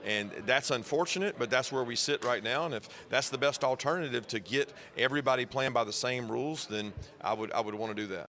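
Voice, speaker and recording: Football coach at a presser, talks quick and punchy, earnest. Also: male voice, mid-range voice, a bit bright. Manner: earnest, explanatory, with fillers. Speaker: college football head coach. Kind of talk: press conference remarks.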